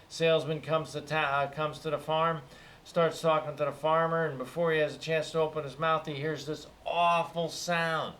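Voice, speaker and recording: A man's voice: fairly high pitch, fairly bright tone. A middle-aged man giving a casual motivational talk, telling stories with lots of fillers. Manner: conversational, storytelling, many fillers. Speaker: motivational speaker.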